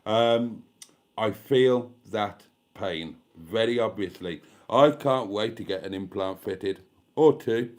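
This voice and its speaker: A man's voice: lowish voice, slow, darkish tone. A man from Britain hosting a casual live stream, reading out viewer comments in a chatty, self-mocking, camp way. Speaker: YouTube live stream host. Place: indoors at home.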